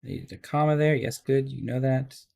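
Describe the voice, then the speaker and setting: A man streaming as a dungeon master, thinking aloud while planning a game, halting and trailing off into mumbles. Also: mid-range voice, fairly even intonation, gravelly, warm tone.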